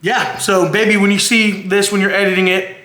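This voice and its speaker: Earnest tearful man with a bright, high voice. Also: steady tone, moderate pace, echoey room. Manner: earnest, rambling, emotional. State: close to tears. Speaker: vlogger, husband. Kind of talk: heartfelt to-camera monologue.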